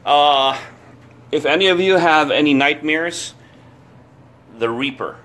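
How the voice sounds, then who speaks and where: A man's voice: fairly high pitch, takes it slowly, fairly bright tone. Enthusiastic man showing off blades. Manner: enthusiastic, explains blades in detail. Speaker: host. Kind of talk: casual chat. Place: Florida.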